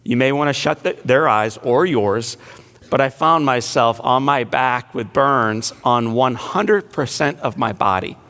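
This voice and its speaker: Male inspirational speaker, middle pitch, storyteller mixing humor and quiet emotion. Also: a little slow. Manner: storytelling, shifting between playful asides and hushed emotional lines. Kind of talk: inspirational speech to a large audience. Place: large banquet hall.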